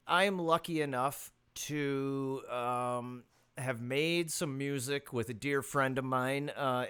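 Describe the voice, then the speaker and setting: A man's voice: mid-range voice, a bit bright, clean tone. A man hosting a casual solo music podcast, rambling loosely with swearing, recorded on his phone out in the country. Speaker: podcast host. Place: rural property.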